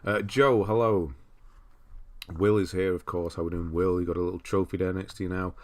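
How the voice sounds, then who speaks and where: A man's voice: sits low, steady tone, fairly quick, a little mellow. A man from Britain hosting a casual livestream, chatting and greeting viewers by name. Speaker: livestream host. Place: cold room at home.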